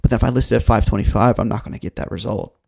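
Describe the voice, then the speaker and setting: A man's voice: lowish voice, steady tone, rapid-fire, creaky, mellow, husky. A man from the Baltimore area, a guest on a real estate podcast, talking in a loose, rambling way with casual swearing.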